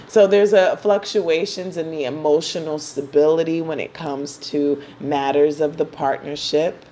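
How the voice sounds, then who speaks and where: A woman with a lowish voice explains astrology in a relaxed, playful manner, checking in with listeners as she goes. Her delivery is chatty and casual. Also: measured pace, few pauses, slight background noise. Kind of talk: casual teaching.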